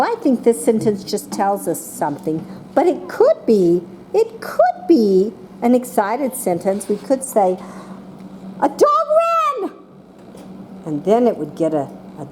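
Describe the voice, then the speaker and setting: A teacher in a classroom, a woman whose pitch rises and falls a lot as she coaxes answers from small children. Her tone is mellow and warm rather than bright, and she leads the lesson patiently, with a faint hiss of room noise behind her. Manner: slow and patient, calling on children by name, voicing excited examples.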